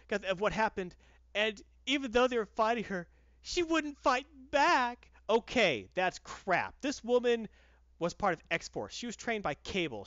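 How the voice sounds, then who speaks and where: A man's voice: sits high, a bit bright, no room sound, muffled recording. A man reviewing a comic book in casual podcast chat, with sarcastic, exasperated ranting.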